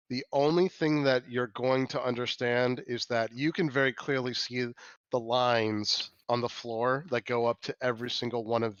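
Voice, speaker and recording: A man's voice: mid-range voice, fairly bright tone, dry recording, lo-fi sound. A man running a tabletop game as game master, describing scenes with many restarts and fillers. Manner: rambling, self-correcting descriptions.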